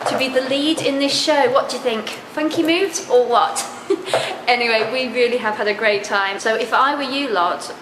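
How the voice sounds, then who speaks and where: Woman, playful reporter, fairly high voice, long hall echo, loud background noise. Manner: bubbly, jokey, laughs often. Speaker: reporter at a press launch.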